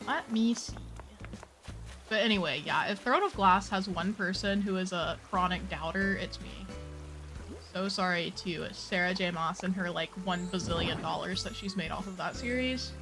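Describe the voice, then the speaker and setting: A woman chatting casually on a live stream while she plays a game, playful and opinionated, full of quick asides. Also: on the low side, over music.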